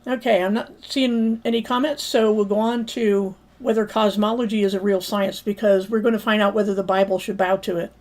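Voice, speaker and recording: A woman teaching a livestreamed Bible study in an argumentative lecturing manner, pausing to ask viewers for comments. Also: medium pitch, fairly even intonation, darkish tone.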